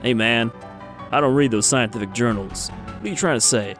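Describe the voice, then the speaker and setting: A man's voice: medium pitch, moderate pace, fairly bright tone, soft background music, close to an everyday voice. A man voicing a blunt, tough male police officer who talks in a brusque, casual way.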